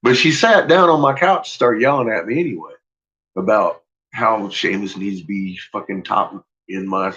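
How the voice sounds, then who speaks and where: A man's voice: on the low side, normal speed, sharp tone, dull audio. A man casually telling a personal story, swearing freely and laughing often as he talks.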